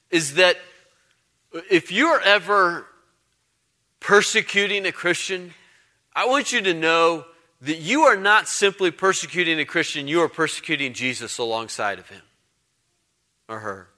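A man's voice: fairly high pitch, animated, measured pace, pauses often, pushed and bright. A male pastor giving a conversational sermon, emphatic and given to repeating phrases for weight.

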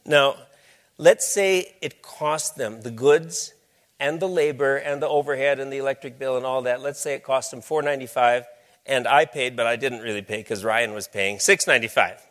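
A man's voice: mid-range voice, moderate pace, fairly bright tone. A man giving a lecture with slides, talking in a conversational, storytelling way. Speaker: speaker.

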